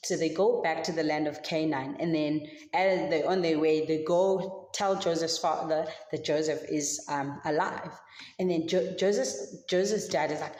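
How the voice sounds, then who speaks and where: A woman's voice: low voice, normal speed, a little mellow. Casual woman in an echoey church hall. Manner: casual storytelling, many filler likes. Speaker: Sunday school teacher. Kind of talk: children's Bible story.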